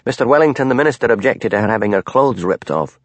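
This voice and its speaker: A man voicing a male Highland village police constable who asks dry, probing questions. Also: animated, fast, no room sound.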